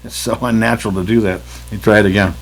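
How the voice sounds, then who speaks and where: A man teaching saxophone articulation, explaining in an unhurried way, often clearing his throat and pausing with ums. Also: lowish voice, fairly even intonation, over loud music. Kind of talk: instructional lesson.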